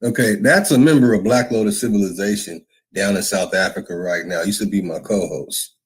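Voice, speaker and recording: A man's voice: fairly low pitch, brisk, low-quality recording. A man hosting a livestream, talking loosely and reacting as he goes. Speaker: livestream host. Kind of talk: casual livestream talk.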